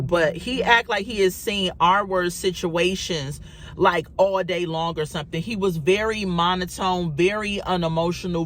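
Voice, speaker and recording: A woman's voice: lowish voice, a bit bright. Woman vlogging from her car, telling a personal story to y'all, lots of ums, faint car hum behind. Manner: chatty, addresses viewers as y'all, many fillers. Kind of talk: storytime vlog, casual retelling.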